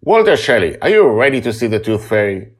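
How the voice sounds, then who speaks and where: A man voicing an excitable pirate captain father who calls out in loud, theatrical pirate style. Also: medium pitch, brisk, pitched above the performer's own voice. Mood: rousing. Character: booming excitable male pirate captain dad.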